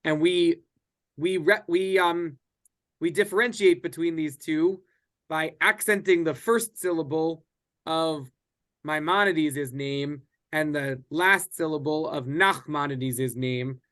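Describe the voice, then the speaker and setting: A man with a somewhat high voice leads a relaxed Bible class. He talks conversationally, doubling back and restarting sentences and filling pauses as he explains. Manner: conversational, many restarts and fillers. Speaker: teacher.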